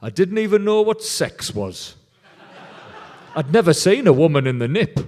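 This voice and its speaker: A man's voice: on the high side, big pitch swings, normal speed, darkish tone, big-room sound, pitched above the performer's own voice. A man voicing an elderly working man from Teesside who tells his memories bluntly, in a broad Teesside accent. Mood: cheeky. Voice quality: broad, plain-spoken.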